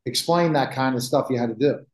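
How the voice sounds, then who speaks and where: A man's voice: mid-range voice, brisk. Echoey-sounding man hosting a podcast. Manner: conversational, prompting questions. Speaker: podcast host. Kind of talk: interviewing a guest. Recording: echoey room.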